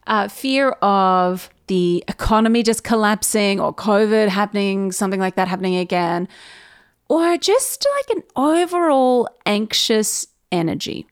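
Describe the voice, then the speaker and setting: A woman's voice: mid-range voice, clean tone, no echo, studio quality. A young woman telling a personal story in a casual, chatty way, often laughing as she goes.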